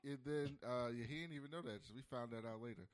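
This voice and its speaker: A man's voice: mid-range voice, quick pace. A man co-hosting a casual podcast, retelling a TV episode with lots of laughter and acted-out quotes. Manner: animated storyteller who acts out quotes and laughs often. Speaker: podcast co-host. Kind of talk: casual chat recapping a TV episode.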